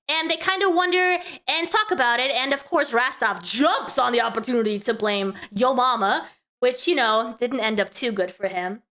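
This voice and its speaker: A woman's voice: a little high, sharp tone. A woman hosting a casual commentary stream, chatty and talking to her chat, laughing often. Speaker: vtuber host.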